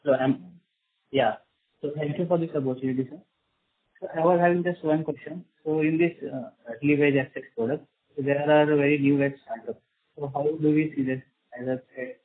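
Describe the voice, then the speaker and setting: A man's voice: on the high side, fairly even intonation, fairly quick. A man with an Indian accent, an analyst asking a question on an earnings call, polite and beginning sentences with "so". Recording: tinny phone line.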